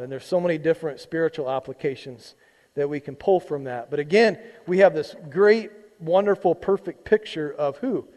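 A man's voice: high voice, moderate pace, darkish tone, big-room sound. A male pastor giving a conversational sermon, teasing his congregation as he reads and retells a scripture story. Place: church sanctuary.

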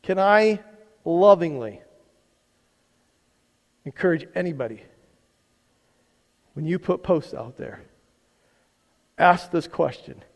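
A man's voice: a little high, animated, slow pace, vocal fry, pauses often. A male pastor preaching a conversational sermon to his church, often asking the congregation questions and repeating words as he goes. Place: church sanctuary. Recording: long hall reverb.

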